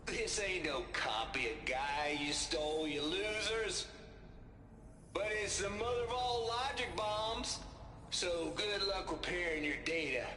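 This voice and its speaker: A taunting, scheming hacker from a video game drawls in a thick Southern accent, high and bright. He takes his time with every jab. His voice rings out in an echoey, reverberant space. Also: measured pace, soft background music. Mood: gloating. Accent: American Southern. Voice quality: mocking drawl.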